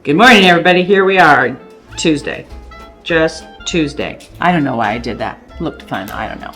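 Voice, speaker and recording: A woman's voice: low voice, animated, moderate pace, fairly bright tone, soft background music. A woman co-hosting a casual morning show, chatting playfully about the day. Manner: playful and rambling. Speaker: co-host presenting the national day.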